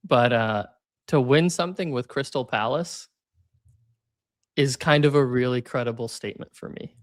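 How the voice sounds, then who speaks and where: A man with a mid-range voice co-hosts a casual football stream, needling the others with deadpan jokes. His delivery stays flat and sly. The recording is dry and close. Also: medium pitch, normal speed, no echo. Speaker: co-host. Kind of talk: casual livestream chat.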